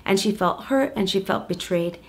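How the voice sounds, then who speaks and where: A woman educator telling a personal story in an expressive way, her voice swinging from lively to hushed. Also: mid-range voice, moderate pace. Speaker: Jewish educator and coach.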